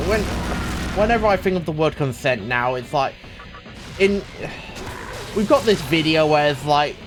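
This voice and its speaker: A man's voice: a little high, animated, unhurried, pauses often, soft background music. A young man live-streaming a game, rambling and ranting with lots of restarts. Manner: rambling, self-interrupting, ranting. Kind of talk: casual live-stream chat while gaming.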